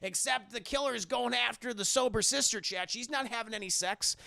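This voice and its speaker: A man's voice: extremely high pitch, fairly quick, gravelly, sharp tone. A man hosting a livestream, animatedly recapping a film to his chat with lots of profanity. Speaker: streamer host.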